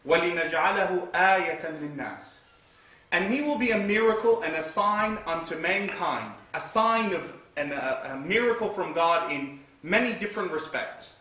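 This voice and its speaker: Male religious teacher, high voice, storytelling lecture with Arabic verses, very echoey distant recording. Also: expressive, normal speed, hardly any pauses, sharp tone. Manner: retells scripture vividly, reciting Arabic verses between English. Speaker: Islamic teacher. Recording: echoey hall from far off.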